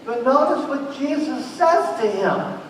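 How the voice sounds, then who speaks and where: High-voiced pastor in an echoing hall. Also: male voice, unhurried, slight background noise. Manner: animated storytelling, acts out quoted voices. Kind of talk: sermon. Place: large church hall. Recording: echoey church hall, mic far off.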